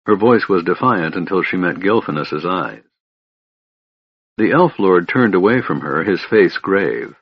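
A man narrating an audiobook in a measured, even storytelling manner. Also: sits low, husky, no echo. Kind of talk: scripted narration. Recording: muffled lo-fi recording.

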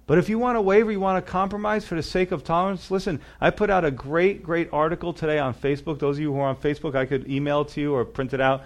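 A man's voice: a little high, steady tone, quick pace, few pauses. A man preaching a sermon, earnest and emphatic, often adding "you know" and "you see". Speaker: pastor.

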